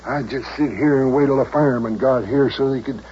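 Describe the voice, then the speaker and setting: An actor playing a fussy, lovesick older country mayor in a children's radio drama, with folksy rural grammar and melodramatic complaints. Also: male voice, mid-range voice, steady tone, brisk, a little mellow, lightly acted. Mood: complaining. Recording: dull old radio recording, faint hiss.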